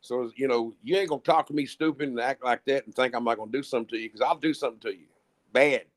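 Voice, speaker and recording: A middle-aged musician guest talks fast in a medium-pitched male voice. His casual storytelling runs long and wanders, and he swears and restarts frequently along the way.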